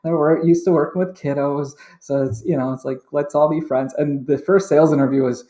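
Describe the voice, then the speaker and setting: A man's voice: a little high, steady tone, brisk, warm tone. Chatty man in a roomy echo. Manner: candid, chatty, laughs easily. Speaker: interview guest, sales manager. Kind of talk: casual interview chat.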